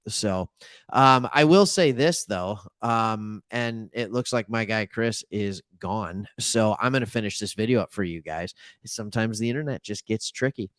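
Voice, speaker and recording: A man's voice: fairly low pitch, normal speed, no echo, studio quality. Chatty male sports talk host. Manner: rambling, self-correcting, animated asides.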